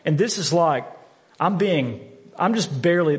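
A man's voice: a little high, expressive, brisk. A man in his thirties preaching a sermon, earnest and candid, often repeating words as he stresses a point. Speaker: pastor. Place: church sanctuary. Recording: long hall reverb from a church.

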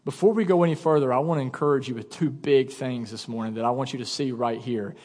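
Storytelling pastor in a reverberant hall. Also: male voice, mid-range voice. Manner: animated storytelling with quick asides. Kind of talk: sermon. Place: church auditorium.

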